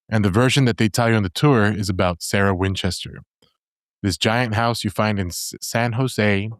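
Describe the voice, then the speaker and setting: A man's voice: on the low side, no echo, studio quality. A man on a casual podcast, laying out a story in an easygoing, rambling way. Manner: easygoing, rambling with fillers and restarts. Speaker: podcast presenter.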